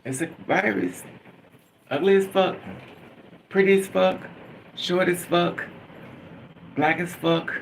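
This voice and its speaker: A man's voice: sits high, takes it slowly, pauses often, slight background noise, low-quality recording. A man vlogging in a candid emotional monologue, blunt and profane, venting with bitter humor.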